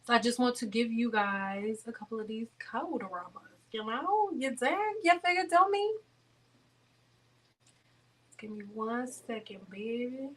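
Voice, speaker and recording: A woman's voice: on the high side, measured pace, recorded from a distance. A woman hosting a beauty livestream, talking bluntly and preachily to her viewers, repeating her points. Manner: blunt, preachy, fond of repetition. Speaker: beauty channel host.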